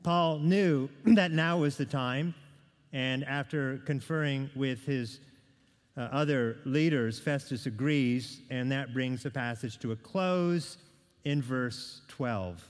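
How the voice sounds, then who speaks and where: Preacher in a reverberant church. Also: male voice, mid-range voice, slow pace. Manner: conversational preaching with asides and restarts. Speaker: pastor. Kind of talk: sermon. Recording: long reverb of a church hall.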